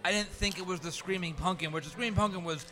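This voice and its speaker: A man's voice: sits high, quick pace, pushed and bright. A man co-hosting a podcast, rambling and repeating his words as he chats about hot sauce. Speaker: podcast co-host and editor. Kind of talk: casual chat.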